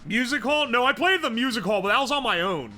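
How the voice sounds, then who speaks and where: A man's voice: very high-pitched, animated, fast, bright, forceful tone. A man streaming live, chatting casually and profanely as he rambles and answers his chat.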